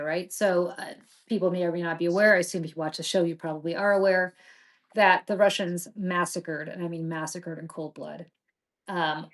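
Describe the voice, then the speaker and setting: A middle-aged woman hosting a political talk show, talking with passion and indignation and often restarting her sentences. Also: lowish voice. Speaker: podcast host.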